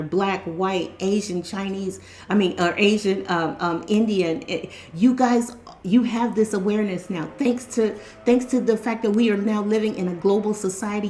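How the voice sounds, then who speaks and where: A woman in her fifties with a mid-range, darkish voice delivers a casual but emphatic spiritual pep talk to her viewers, repeating her points as she exhorts them. She hosts a spiritual channel, and the audio has a roomy sound.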